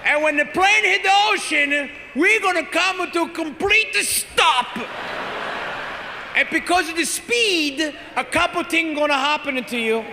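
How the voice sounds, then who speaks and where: A stand-up comedian with a high, bright-edged voice works a big room, animated and loud on his punchlines. His voice rings with a long hall reverb, and crowd noise sits clearly behind him. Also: measured pace. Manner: animated, shouts punchlines, acts out family members. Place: large theater stage with audience.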